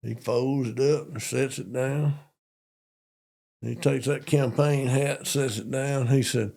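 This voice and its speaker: Gravelly older Southern man telling stories. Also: mid-range voice, slow. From Monroe, Georgia. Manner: folksy, repetitive, animated retelling. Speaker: police chief and interview guest. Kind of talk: storytelling in an interview.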